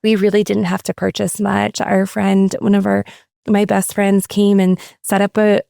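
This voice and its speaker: 30s woman gushing about her family, lots of vocal fry, repeats words, dry sound. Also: medium pitch, little pitch movement, normal speed, no room sound. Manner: warm, effusive, repeats words. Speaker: guest, adoptive mother. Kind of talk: casual interview over video call.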